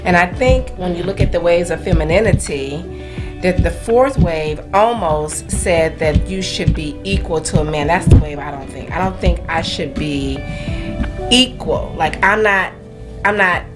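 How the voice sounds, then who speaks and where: A woman's voice: fairly low pitch, unhurried, music in the background. A woman hosting a casual chat show, frank and opinionated as she brings up a topic. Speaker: talk show host.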